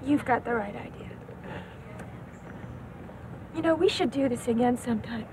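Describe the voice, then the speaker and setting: A woman's voice: a little high, normal speed, close to an everyday voice. An actress playing a young woman in an easygoing film scene, a bit wistful, in a clip with background noise.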